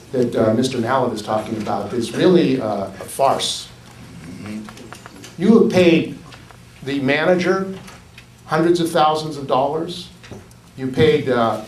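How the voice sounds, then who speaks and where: A man's voice: medium pitch, a little hiss or hum. A man giving an indignant, accusatory public comment at a board meeting, repeating phrases for emphasis.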